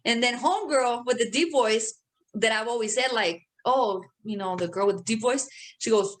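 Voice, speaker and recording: A young woman co-hosting a casual podcast, talking loosely and swearing freely as she tells stories. She laughs often, and her voice sits a bit high. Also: normal speed. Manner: profane, laughing storyteller. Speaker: podcast co-host. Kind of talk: casual chat.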